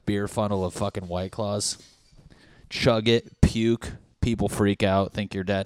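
A young man hosting a podcast, rambling through a casual monologue, swearing a lot and getting excited as he goes. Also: on the low side, unhurried, a little hiss or hum. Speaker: podcast host.

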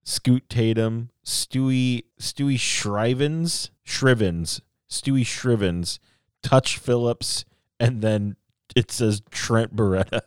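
A man co-hosting a podcast in casual chat, low-key with dry remarks. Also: slow, clean tone, dry recording. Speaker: podcast co-host.

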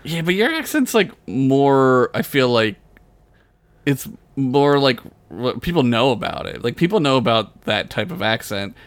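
A man's voice: mid-range voice, unhurried, no echo. A man with a Philadelphia accent, co-hosting a podcast in casual, self-mocking chat. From Philadelphia area. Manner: lively, swearing, laughing, self-mocking. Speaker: podcast co-host.

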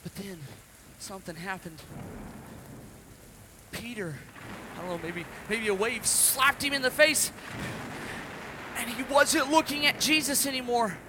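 A man preaching at a children's service, telling the story dramatically and shouting out acted quotes. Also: very high voice, unhurried, long pauses, background noise. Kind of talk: interactive children's sermon.

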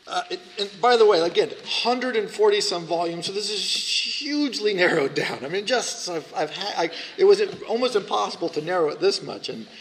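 Male lecturer, somewhat high voice, rambling conversational delivery, long hall reverb, faint background noise. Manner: rambling, conversational, frequent restarts and fillers. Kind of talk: classroom lecture.

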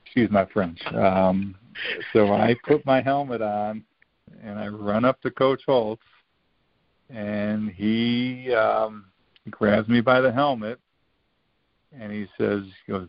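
A man's voice: fairly low pitch, fairly even intonation, moderate pace, vocal fry, dry recording. A man in his fifties, a podcast guest, telling rambling stories full of restarts and acted-out quotes. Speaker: podcast guest, former college football player. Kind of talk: casual storytelling. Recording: dull, lo-fi sound.

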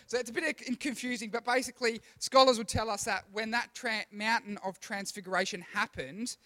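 Youth pastor, high voice, chatty slangy preaching with lively retold dialogue. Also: male voice. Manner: slangy, animated storytelling with quick asides. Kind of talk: casual youth sermon.

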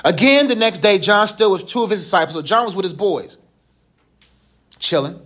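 A man's voice: high voice, lively intonation, moderate pace, fairly bright tone. A man in his thirties giving a casual, joking Bible lesson to a youth group. He uses slang and asks the group questions.

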